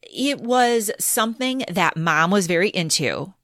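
A middle-aged woman in a casual interview, telling personal stories candidly and lively voicing the people she quotes. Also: mid-range voice, measured pace, no room sound, studio quality. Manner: candid storytelling, animated when quoting others. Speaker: podcast guest.

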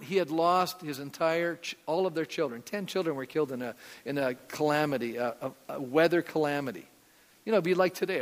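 High-voiced pastor preaching in a hall. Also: male voice. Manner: conversational, asks the congregation questions. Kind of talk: sermon.

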